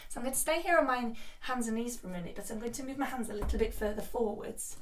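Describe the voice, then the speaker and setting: A woman teaching a children's yoga class in a gentle, encouraging way. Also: on the high side, quick pace, slight background noise. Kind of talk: guided kids' yoga class. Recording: echoey room, voice from a distance.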